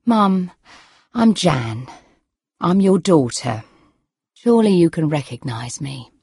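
A woman's voice: fairly low pitch, very animated, slow pace, vocal fry, darkish tone, husky, no echo, studio quality, exaggerated voice. A woman voicing a tired middle-aged daughter who sounds patient but worn out. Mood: weary. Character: tired, strained middle-aged daughter caring for her mother.

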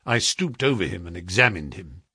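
Male audiobook narrator, dramatic and lively. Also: deep voice, moderate pace, husky, no room sound, clean studio sound. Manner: dramatic, building tension. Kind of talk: scripted narration.

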